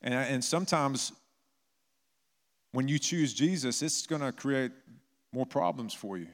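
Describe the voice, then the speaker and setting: A pastor with a mid-range, slightly slow voice preaches a sermon in a church, telling stories conversationally. The long reverb of the church hall fills the recording.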